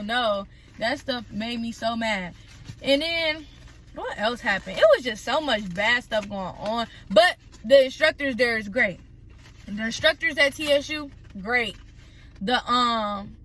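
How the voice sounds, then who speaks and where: A young woman telling a story in a casual, animated way while eating on camera, with plenty of indignation. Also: fairly high pitch. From Tennessee. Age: young adult. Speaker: vlogger. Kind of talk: mukbang storytime rant.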